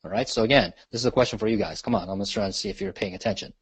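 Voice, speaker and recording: A man leads a live real estate marketing training call, teaching conversationally and checking in with the group after nearly every point. His voice is lowish and husky, delivered rapid-fire in a dry recording. He repeats questions and keeps asking "right?" and "okay?"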